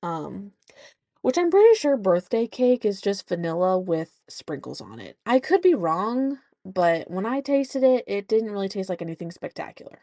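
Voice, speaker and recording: A woman's voice: medium pitch, big pitch swings, normal speed, mellow, no echo, studio quality. A woman hosting a casual storytelling podcast, chatty as she recounts her week and acts out the voices in her anecdotes. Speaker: podcast host; mother.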